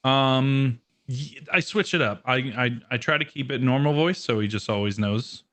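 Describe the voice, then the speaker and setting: A man's voice: mid-range voice, moderate pace, fairly bright tone. A young man chatting casually on a podcast, loose and rambling, full of "like" fillers, laughing easily. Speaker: guest, metal band musician and dog owner.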